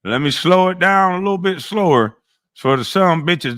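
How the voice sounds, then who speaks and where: A man's voice: high voice, animated, normal speed, a bit bright, dry recording, studio quality. A man in his forties trash-talking and bragging over old game footage, boastful, often laughing and calling people "boy". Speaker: former basketball player reacting to game clips. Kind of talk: profane trash-talk commentary over video.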